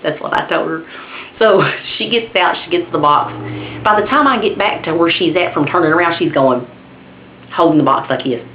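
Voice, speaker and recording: Woman telling a funny story on her vlog, animated, lowish voice, roomy dull home cam sound. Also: moderate pace, slight background noise. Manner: animated, acts out voices, laughs at herself. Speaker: vlogger. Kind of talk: casual comic storytelling.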